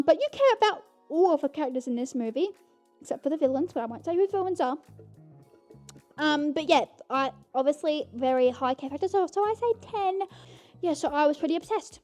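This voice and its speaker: A woman's voice: high-pitched, dark tone. A young woman hosting her own podcast, giving a casual, rambling movie review and calling her listeners "guys". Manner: bubbly, rambling, keeps saying "guys". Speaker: podcast host.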